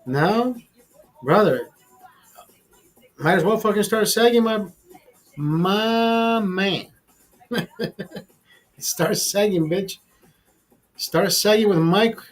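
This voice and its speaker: A man's voice: high voice, animated, slow, long pauses, faint music behind. A man hosting a casual livestream chat, crude and profane, rambling with many restarts. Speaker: livestream host.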